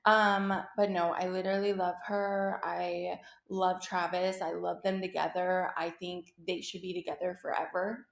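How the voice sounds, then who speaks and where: A young woman hosting a podcast, chatting about pop culture in an excitable, gushing way and swearing freely. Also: fairly low pitch, unhurried, vocal fry, hardly any pauses. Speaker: podcast host. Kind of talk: casual pop culture chat. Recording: roomy echo.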